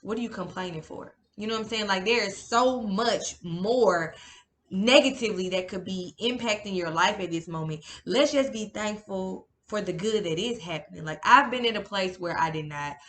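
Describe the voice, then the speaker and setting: A woman in her thirties co-hosting a podcast, chatting in an animated way and laughing often. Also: medium pitch, moderate pace. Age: 30s. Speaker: podcast co-host. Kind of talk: casual chat.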